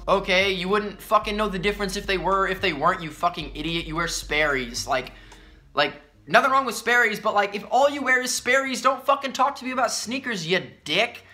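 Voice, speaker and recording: A man's voice: on the high side, normal speed, pushed and bright. A young man ranting casually on a sneaker vlog, profane and exasperated, acting out the people he quotes. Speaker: sneaker vlogger. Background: faint music.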